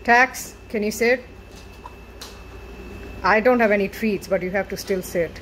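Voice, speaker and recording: A woman's voice: medium pitch, a little slow, fairly bright tone. A woman vlogging while dog-sitting, talking to the dog in a coaxing, playful way. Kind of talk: casual vlog talk. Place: outdoors with a dog, near a dog park. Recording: noisy outdoor camera audio.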